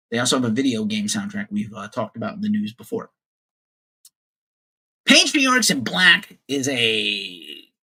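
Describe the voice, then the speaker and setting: A man's voice: medium pitch, bright, forceful tone, breathy edge. A man in his forties hosting a casual livestream news show, opinionated and profane, greeting viewers in the chat.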